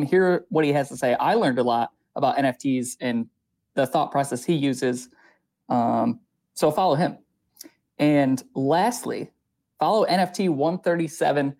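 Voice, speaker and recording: A man's voice: fairly high pitch, a little mellow. A man hosting an online talk show, closing it in an upbeat, promotional way. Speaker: host. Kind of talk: show sign-off.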